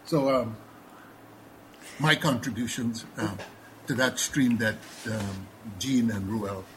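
A man's voice: lowish voice, takes it slowly, background noise. A man with a Guyanese accent speaking as a panelist, thoughtful and full of fillers and restarts. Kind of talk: panel discussion.

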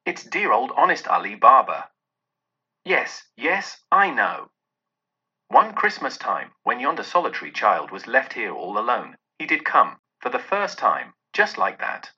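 A man reading aloud voices a tearful old miser who talks excitedly, half laughing and half crying. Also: mid-range voice, measured pace, slightly rough, full character voice. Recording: dull lo-fi audio.

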